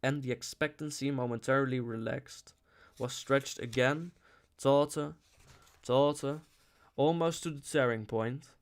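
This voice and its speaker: A man reading a novel aloud in an expressive, dramatic style, lingering on phrases. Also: mid-range voice, normal speed. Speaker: audiobook reader.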